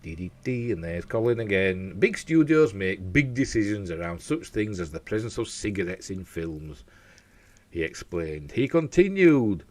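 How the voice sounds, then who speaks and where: A man's voice: deep voice, sing-song, moderate pace, a little mellow. A man hosting a casual news show at home, reading out stories and rambling off into chatty asides, often tripping over his words.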